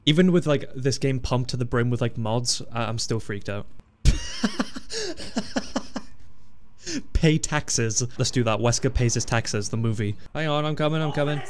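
A young man chats casually over his gameplay, mid-pitched and quick to burst into laughter or startled yelps. His talk is loose and full of swearing, with a light hiss in the background. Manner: excitable, swearing, laughing often, yelps at surprises. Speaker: gaming video host.

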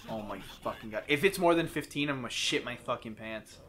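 A man's voice: mid-range voice, expressive, normal speed, a bit bright. A man ranting profanely while playing a video game, in casual commentary. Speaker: host and player.

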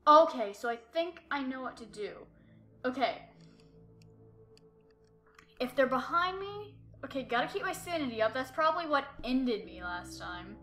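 A woman with a fairly high, bright voice gives jumpy horror game commentary. She talks to herself, repeating short exclamations over and over. Faint game music plays behind her. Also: very animated, normal speed, long pauses, reverberant. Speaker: gameplay streamer.

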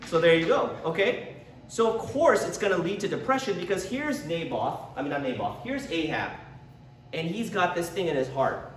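A man's voice: fairly high pitch, fairly bright tone. Man teaching a Bible class in an echoey room. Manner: conversational teaching, acts out quoted voices. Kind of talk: church Bible lesson. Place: church classroom. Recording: echoey room, picked up from a distance.

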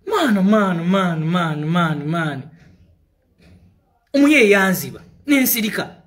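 A man's voice: high voice, big pitch swings, slow pace, long pauses. A man from Uganda with a Ugandan accent, a musician in a heated, profane rant, switching between English and Luganda. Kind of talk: angry direct-to-camera rant.

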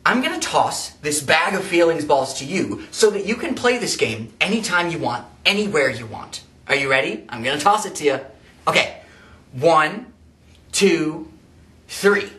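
Encouraging teaching artist, bright echoey sound. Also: medium pitch, big pitch swings, normal speed. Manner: gentle, encouraging, addresses viewers directly. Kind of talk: children's drama workshop. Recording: echoey room, mic at a distance.

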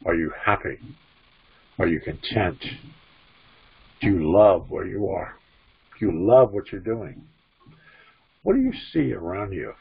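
A man's voice: low-pitched, animated, a little slow, gravelly, long pauses, husky. A man teaching spirituality to an audience, repeating his phrases and asking the listeners questions. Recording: dull lo-fi recording.

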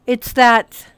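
In a VR social world, a woman who streams and does hypnosis chats and rambles casually on her livestream, with some swearing and a mixed accent that's hard to pin down. Her voice is a bit bright, with no room sound.

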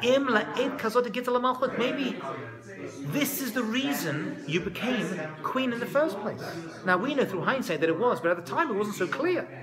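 High-voiced animated male lecturer. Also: moderate pace, a crowd in the background. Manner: animated, joking asides, conversational. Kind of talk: lively lecture retelling a biblical story. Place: live talk before an audience. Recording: live talk with audible audience.

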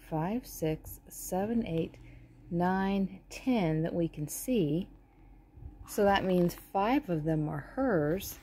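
A woman reads a children's storybook aloud and pauses for gentle, explanatory asides. Her voice is low, mellow and warm, and she takes her time. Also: a little hiss or hum. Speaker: storybook reader.

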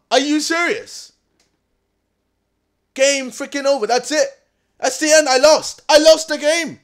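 A young man giving let's-play commentary, exasperated, swearing and yelling at the game. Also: extremely high pitch, a little slow, pauses often. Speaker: gaming commentator.

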